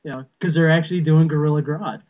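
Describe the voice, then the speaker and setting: A man with a slightly high voice talks at a quick clip, co-hosting a podcast and chatting casually like a fan. He rambles, keeps restarting his sentences, and leans on lots of "you know"s. The audio sounds thin and tinny, like a phone.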